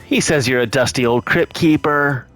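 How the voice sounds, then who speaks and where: A man's voice: medium pitch, moderate pace, fairly bright tone, faint music behind, close to an everyday voice. A man voicing a bratty young girl who mocks and teases in a snickering way. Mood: teasing. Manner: mocking, snickering. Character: bratty teenage girl cousin, teasing.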